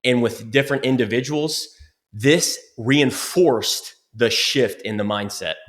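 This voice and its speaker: A man's voice: medium pitch, a little slow, fairly bright tone. Candid man sharing a growth mindset. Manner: candid, self-reflective, motivational. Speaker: podcast co-host. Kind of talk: casual motivational talk.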